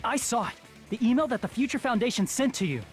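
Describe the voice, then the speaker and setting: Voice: mid-range voice, animated, fast talker, faint music behind, lightly acted. A voice actor playing a young man who questions and confronts someone, in a game. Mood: accusing.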